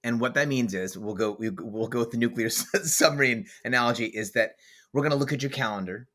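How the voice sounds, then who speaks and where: A man's voice: mid-range voice, quick pace, a bit bright. A man hosting a podcast as author and coach, talking in a blunt, emphatic way with vivid swearing. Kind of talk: casual podcast conversation.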